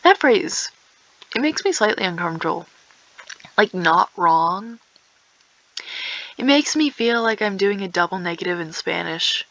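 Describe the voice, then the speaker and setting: A woman's voice: mid-range voice, expressive, measured pace, long pauses, fairly bright tone, no echo, low-quality recording. A teenage girl chatting casually and rambling while playing a game, sometimes dropping to a whisper or breaking into song. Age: teens. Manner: rambling, self-aware, drifts into whispers and song. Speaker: gaming streamer. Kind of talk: casual gameplay chat.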